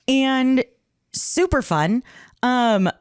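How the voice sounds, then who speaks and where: A woman's voice: sits high, expressive, extremely slow, smooth, no room sound, studio quality. A woman co-hosting a podcast in casual chat, telling stories with self-deprecating giggles. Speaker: podcast co-host.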